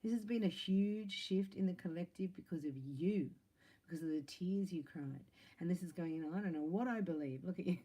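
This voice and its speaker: Low mellow-voiced woman psychic reader. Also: moderate pace, low-quality recording. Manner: chatty, laughing, playful asides. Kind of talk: casual spiritual reading to camera.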